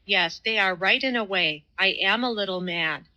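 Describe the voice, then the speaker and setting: A woman's voice: medium pitch, moderate pace, bright, forceful tone, rough recording. A woman reading the part of an earnest, devout man who speaks with fervent, laborious care in an audiobook.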